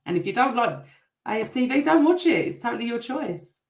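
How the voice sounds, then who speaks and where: A middle-aged woman hosting a live football fan show, chatting and reading out viewer comments, her voice a bit rough. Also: fairly high pitch, animated, fairly quick. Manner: chatty, warm toward viewers, teasing. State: voice still rough from shouting. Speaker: host. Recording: echoey room.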